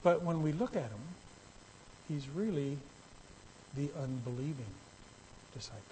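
A man's voice: fairly high pitch, lively intonation, unhurried, mellow, slight background noise, low-quality recording. A man preaching a sermon in a conversational way that builds into emphatic, raised passages. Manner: conversational, rising to emphatic bursts. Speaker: pastor.

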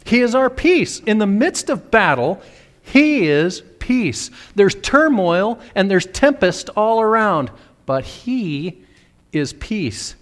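A man's voice: high-pitched, sing-song, takes it slowly. A man preaching a sermon as a pastor, fervent and dramatic, acting out the voices he quotes. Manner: fervent, acts out quoted voices with big swings. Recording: long reverb of a large hall.

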